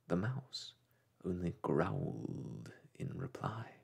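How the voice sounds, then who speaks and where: A man narrating a classic children's book in a soft, gentle way. His voice is husky and gravelly, his pace slow, and his pitch moves a lot. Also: lively intonation. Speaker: storyteller. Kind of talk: soft-spoken storybook reading.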